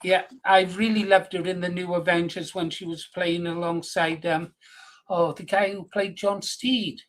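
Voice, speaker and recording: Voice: mid-range voice, little pitch movement, normal speed, poor audio. A caller in a casual radio chat, talking with enthusiasm and nostalgia.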